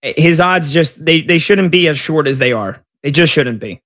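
A man from the United States giving a casual betting preview as a sports analyst, chatty, with quick asides and frequent restarts. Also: a little high, expressive, fairly bright tone.

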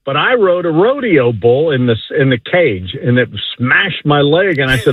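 A man's voice: on the high side, sing-song, moderate pace, husky, dry recording. A middle-aged man calling in to a sports radio show, rambling and boasting with many stumbling restarts. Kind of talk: casual sports talk. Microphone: phone call. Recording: tinny phone line.

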